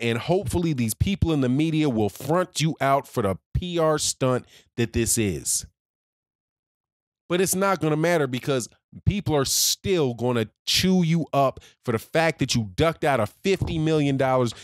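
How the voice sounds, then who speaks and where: A man's voice: mid-range voice, dry recording, studio quality. A man ranting heatedly as a boxing commentator, slangy and repeating his points for emphasis. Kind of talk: ranting opinion vlog.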